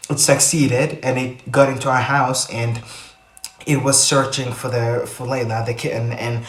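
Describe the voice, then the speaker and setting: A man's voice: mid-range voice, flat delivery, unhurried, a bit bright. A young man telling a story casually to his channel, rambling with many restarts and fillers. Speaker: vlogger. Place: indoors at home. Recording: echoey room.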